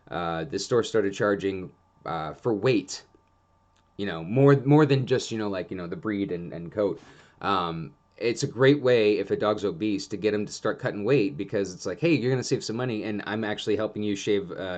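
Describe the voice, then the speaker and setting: A man with a fairly low voice talks about dog behavior in a casual, instructional way, drawing on his grooming days. He's frank and rambling, circling back often and using lots of fillers.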